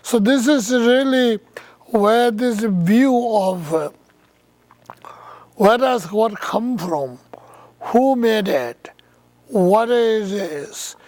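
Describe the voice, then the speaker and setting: A man giving a slow, halting dharma talk as a Buddhist teacher, with thoughtful pauses and non-native English phrasing. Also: high-pitched, lively intonation, a little mellow, no room sound.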